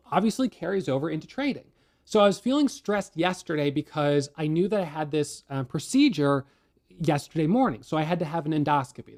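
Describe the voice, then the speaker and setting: Animated man telling a candid story. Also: a little high. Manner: candid, animated, self-deprecating. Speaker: day trading educator. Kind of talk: casual storytelling to viewers.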